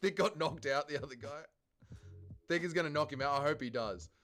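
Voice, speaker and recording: A young man, hosting a fight watch-along livestream, mocking and profane, swinging between disbelief and deadpan. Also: on the high side, brisk, faint music behind. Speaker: livestream host.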